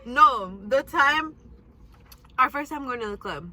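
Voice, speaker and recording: A young woman tells a story in a casual chat, her voice bright and a little high. She swears freely and keeps laughing as she goes. A faint hum of the room sits behind her. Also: expressive, slow pace. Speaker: host. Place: indoors at home, eating.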